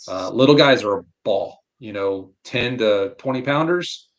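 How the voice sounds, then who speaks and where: Low-voiced blunt man talking fishing. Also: measured pace. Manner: blunt, animated storyteller with frank opinions. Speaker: podcast guest. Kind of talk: casual fishing chat.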